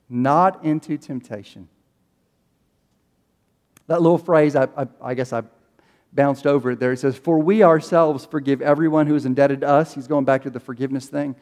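A man's voice: a little high, mellow, big-room sound. A man in his forties preaching a sermon in a casual, conversational way, acting out prayers and quoted speech. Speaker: pastor.

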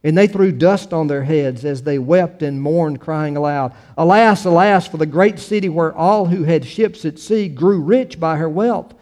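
A pastor giving a sermon, reading scripture with emphatic rises and then talking to the congregation with easy fillers. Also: male voice, a little high, measured pace, few pauses, dark tone, in a large hall.

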